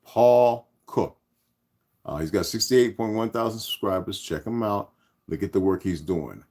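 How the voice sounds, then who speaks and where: Low-voiced man rambling to his viewers. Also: measured pace, a little mellow. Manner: loose, rambling, talks to his viewers as "y'all". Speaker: channel host. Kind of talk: casual vlog talk to viewers.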